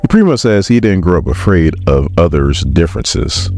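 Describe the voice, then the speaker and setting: A man's voice: sits low, very animated, normal speed, hardly any pauses, darkish tone, soft background music. A man hosting a casual comic book recap, chatty and joking.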